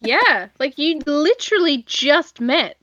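A woman with a bright, slightly high voice, chatting loosely through a film's plot with plenty of fillers. The recording is dry and a little dull, as if the mic were lo-fi. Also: slow pace, no echo. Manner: relaxed, chatty, retells plots with filler words. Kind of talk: casual film review chat.

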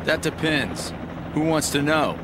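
A man voicing an earnest young male martial artist in a dubbed animated film clip. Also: fairly high pitch, measured pace, very noisy.

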